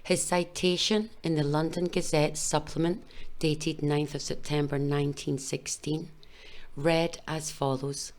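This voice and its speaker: A woman giving a measured, solemn scripted documentary narration. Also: deep voice, level tone, a little mellow.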